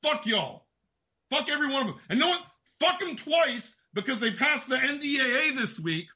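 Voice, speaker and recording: A man's voice: very high-pitched, lively intonation, moderate pace, bright, forceful tone, highs cut off. A man hosting a show, delivering an angry, profane political rant. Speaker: host. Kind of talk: ranting political commentary.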